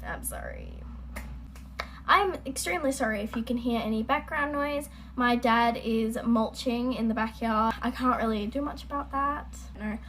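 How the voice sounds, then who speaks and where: A woman's voice: a little high, moderate pace, fairly bright tone, a little hiss or hum, rough recording. A young woman hosting a reaction video at home, chatting casually in a rambling, apologetic way. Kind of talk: casual chat. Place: at home, indoors.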